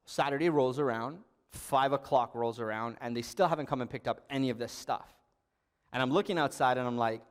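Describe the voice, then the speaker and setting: A man's voice: mid-range voice, a little fast, clean tone, big-room sound. A young adult man giving a sermon as a youth pastor, telling a story in a conversational way with bursts of emphasis.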